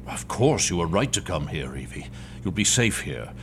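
A man's voice: deep voice, very animated, moderate pace, background noise. An actor playing a worried, protective young man who asks urgent, anxious questions, in an audio drama.

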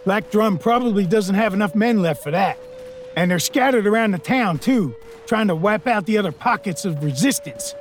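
A man's voice: sits high, lively intonation, moderate pace, pitched above the performer's own voice. A man doing a plainspoken frontier gunfighter. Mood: grim.

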